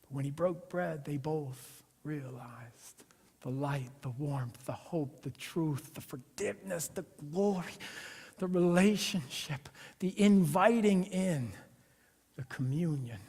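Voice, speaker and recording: A man preaching a Christmas Eve sermon in a church, conversational and personal, dropping to hushed lines and rising to loud, playful asides. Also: on the high side, slow pace, slightly rough. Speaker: pastor. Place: church sanctuary. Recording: long hall reverb of a church.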